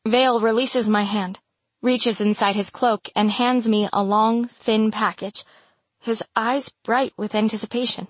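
A woman narrating a first-person romantic fantasy audiobook in an intimate, measured storytelling voice. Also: fairly high pitch, fairly even intonation, dry recording.

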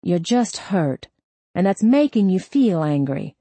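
A woman's voice: fairly low pitch, sing-song, unhurried, mellow, no echo, full character voice. A woman reading an audiobook, voicing a middle-aged mother whose voice is soothing yet firm.

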